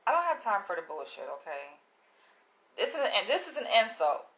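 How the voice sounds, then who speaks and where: In her casual vlog rant, a woman YouTuber goes through emails out loud, cursing, blunt and visibly exasperated yet animated. Her voice is mid-range and brisk, on a low-quality recording.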